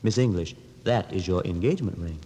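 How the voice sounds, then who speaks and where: A man's voice: low voice, expressive, a little fast, mellow. An actor playing a folksy, eager young man in a 1940s radio drama, full of homespun slang. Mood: tender. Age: young adult. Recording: old radio broadcast with hall reverb and faint hiss.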